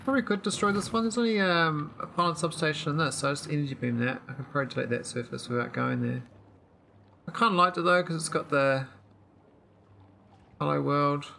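A man talks through his game session in a loose, rambling way, trailing off and restarting as he thinks aloud. His voice is bright and tense with a gravelly edge, and there is faint noise underneath. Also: on the high side, quick pace. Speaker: gameplay streamer. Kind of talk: casual let's-play commentary.

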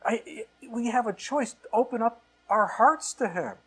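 A man's voice: very high voice, animated, measured pace, a bit bright, slightly rough. A man preaching a sermon as a pastor, quoting scripture and arguing through rhetorical questions. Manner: quotes scripture often, argues with rhetorical questions. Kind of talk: sermon Bible teaching.

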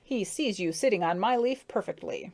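A woman's voice: mid-range voice, expressive, moderate pace, darkish tone. A woman voicing a jeering male blue bottle fly in a storybook reading. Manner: jeering, know-it-all.

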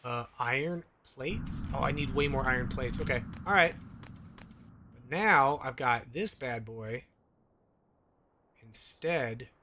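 A man's voice: mid-range voice, takes it slowly, long pauses, sharp tone, slight background noise. A man playing a video game, giving a casual muttered play-by-play with the odd swear word into a desk microphone. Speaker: gaming channel host. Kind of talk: let's play commentary.

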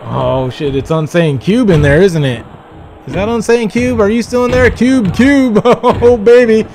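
A man hosting a livestream, giving excited, profane play-by-play wrestling commentary with loud calls. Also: sits high, measured pace, faint music behind. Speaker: livestream host.

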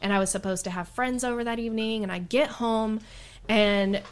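A woman guest on a podcast, chatting casually and telling lively stories, often laughing and acting out what people said. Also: on the high side, moderate pace, clean tone. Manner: animated, laughs often, quotes herself and others in stories. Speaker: podcast guest and radio show host. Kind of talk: casual storytelling chat.

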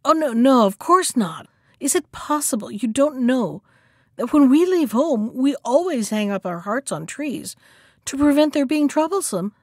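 A woman voicing a clever male monkey who talks with breezy, mocking calm in a storybook reading. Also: high voice, a little slow, no room sound, clean studio sound.

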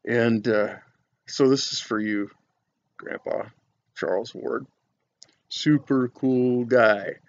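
A man's voice: medium pitch, fairly even intonation, takes it slowly, pauses often, highs cut off. A man reviewing cigars on his vlog, chatting casually and telling rambling, folksy stories full of fillers.

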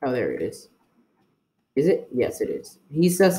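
A man's voice: fairly high pitch, lively intonation, normal speed, dark tone. A young man giving rambling, jokey gameplay commentary to his viewers while putting on an unplaced accent for fun. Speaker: gaming video creator.

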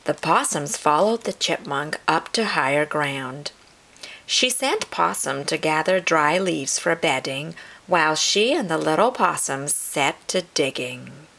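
A woman reading a picture book aloud to children in an expressive storytelling manner. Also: deep voice, a little slow, gravelly. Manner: warm, expressive read-aloud delivery.

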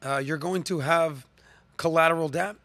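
A man's voice: on the high side, normal speed, creaky, fairly bright tone. A man hosting a podcast, giving an emphatic opinion monologue full of rhetorical questions and ums, with a slight cough. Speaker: podcast host.

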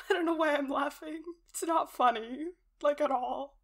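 A young adult woman co-hosting a casual podcast, emotional and blunt, swearing often and slipping between laughter and tears. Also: high voice. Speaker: podcast co-host.

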